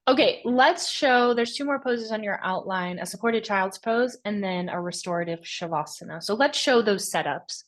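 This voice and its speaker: A woman yoga teacher with a mid-range voice, hosting the class and explaining poses in a relaxed, chatty way as she demonstrates. She moves easily between instructions and personal asides. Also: mid-range voice, moderate pace, few pauses.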